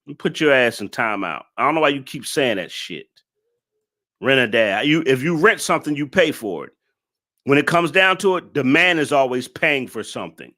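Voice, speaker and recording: A man's voice: mid-range voice, lively intonation, normal speed, sharp tone. A man hosting a live stream, reacting to a clip and scolding his chat commenters in an exasperated way.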